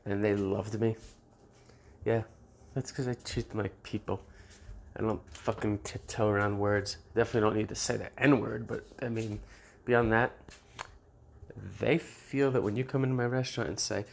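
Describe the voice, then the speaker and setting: A man's voice: on the low side, fairly even intonation, normal speed, creaky. Blunt, profane man rambling on his show. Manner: laughs at his own jokes. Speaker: show host. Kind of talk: casual unscripted monologue.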